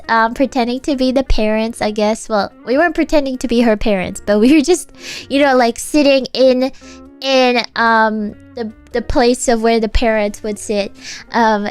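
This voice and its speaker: Giggly high-voiced woman streamer. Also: smooth. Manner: giggly, laughs often between sentences; rambling storytelling with many fillers. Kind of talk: casual chat on a livestream.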